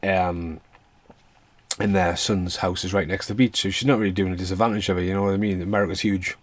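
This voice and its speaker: A man's voice: deep voice, fairly even intonation, fast talker. A man giving a rambling, casual film review rant, swearing freely and laughing between points.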